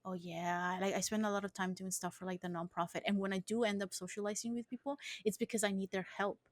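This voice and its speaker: A woman's voice: medium pitch, fast talker, no room sound. A young woman co-hosting a casual podcast chat, giggling often and full of "like" fillers. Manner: giggly, animated, many "like" fillers. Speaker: podcast co-host.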